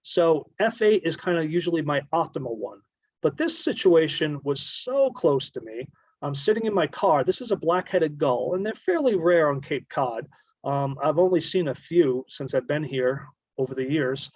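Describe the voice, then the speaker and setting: A man presents a casual slideshow on photography, his voice sitting a little high. He explains things loosely and often backs up to rephrase. The sound is dull and lo-fi, with no room echo at all. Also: animated, moderate pace, darkish tone. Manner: explanatory, rambling, self-correcting.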